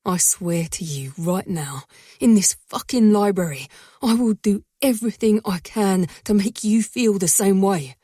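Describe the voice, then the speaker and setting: A woman voicing a dangerous but tender young mafia man in an audiobook, speaking low and intense, often in a whisper. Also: unhurried, warm tone, husky, no room sound, studio quality. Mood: fervent.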